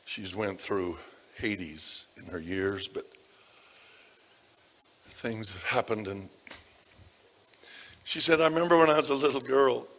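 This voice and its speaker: A male pastor preaches in a lowish, bright voice, drawing his congregation in with personal stories. He drops to a near whisper, then rises to forceful emphasis. The sound carries the long reverb of a large church hall. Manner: dramatic shifts between hushed and loud. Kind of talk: sermon storytelling.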